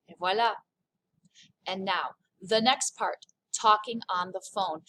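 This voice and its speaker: A woman teaching a French lesson, addressing the class and slowing down to savor French words. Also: medium pitch, bright, forceful tone. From lived in France.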